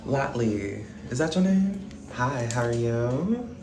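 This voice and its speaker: A live streamer greets viewers one after another in an easy, upbeat way. The talk is slow and unhurried. The voice rings in an echoey room with faint music playing underneath, caught on a phone. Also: medium pitch, big pitch swings. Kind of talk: casual live stream chat.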